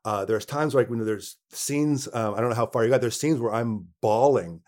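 In a casual interview, a man with a darkish mid-range voice and moderate pace tells stories from his time on set as an actor. He brings other people's remarks to life by acting out their lines.

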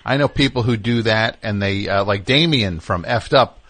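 This call-in radio host talks with callers in a relaxed, rambling way, dropping lots of fillers. His lowish voice keeps a moderate pace, and there's no echo.

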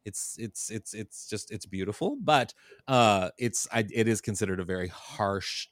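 Low-voiced man in casual chat. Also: measured pace, no echo, clean studio sound. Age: 40s. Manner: chatty, stammers and repeats words while thinking. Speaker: podcast co-host.

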